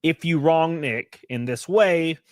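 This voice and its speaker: A man's voice: a little high, slow pace, a little mellow, dry recording, studio quality. A man talking as a YouTuber in a commentary clip, with a dismissive, offhand manner.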